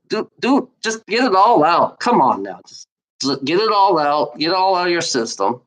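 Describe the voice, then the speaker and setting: Recorded on poor audio, a man with a medium-pitched, fairly bright voice livestreams alone and rants at the trolls in his chat. He is scornful and profane, repeating himself and talking back to chat in a rambling rant.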